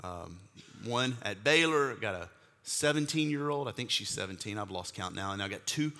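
Man, forties, pastor, emphatic preaching, forceful bright tone, long hall reverb. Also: fairly low pitch, expressive, normal speed. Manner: emphatic preaching, repetitive rhetorical build-ups. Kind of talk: sermon.

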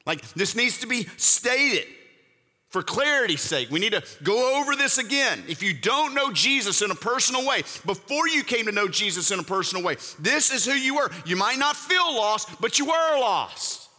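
A man's voice: high voice, big pitch swings, moderate pace, pushed and bright, big-room sound. A pastor in his forties preaching a sermon, with emphatic, repetitive rhetorical build-ups.

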